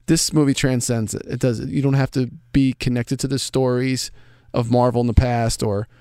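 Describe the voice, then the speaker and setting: A man's voice: medium pitch, steady tone, normal speed, dark tone, smooth, dry recording, studio quality. A man co-hosting a casual chat show, enthusiastic and repeating himself as he reads listener mail. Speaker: co-host reading listener mail.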